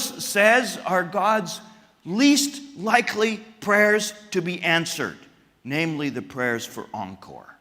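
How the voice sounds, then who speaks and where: Animated preacher guy, bright tense voice, lots of pitch swings, echoey chapel hall. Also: takes it slowly. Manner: animated, acts out God's voice with sudden jumps in pitch and loudness; asks the audience questions, with stammered restarts. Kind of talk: sermon.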